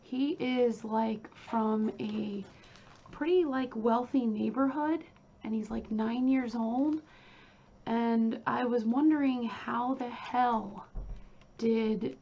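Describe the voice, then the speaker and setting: A woman's voice: a little high, slow pace, warm tone, a little hiss or hum. A woman casually retelling a true crime case in blunt, informal language, on a dull lo-fi recording. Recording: dull lo-fi recording with faint ambience.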